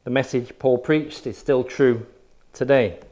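Emphatic preacher. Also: male voice, medium pitch, unhurried, darkish tone. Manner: emphatic, punchy repetition. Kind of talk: sermon.

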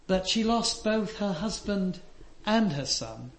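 An older man preaching a sermon, earnest and emphatic, dropping to soft asides. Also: high-pitched, sing-song, takes it slowly. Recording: echoey hall.

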